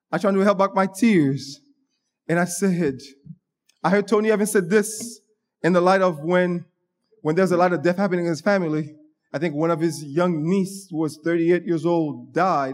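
A male pastor with a notably high voice delivers a sermon. He speaks emphatically and often breaks into stammers and restarts as he searches for his words.

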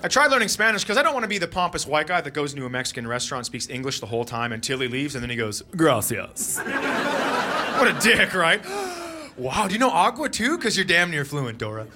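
A man's voice: a little high, expressive, rapid-fire, few pauses, background noise. Stand-up guy from minnesota, voice jumps all over, acts out silly sounds. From Minnesota, USA. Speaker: stand-up comedian. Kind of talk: stand-up comedy routine played back.

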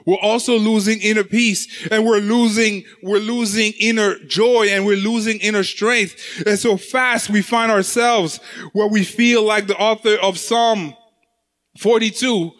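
A man's voice: high voice, fairly even intonation, measured pace, a bit bright. A man preaching a sermon with impassioned, sing-song delivery and many repeated words.

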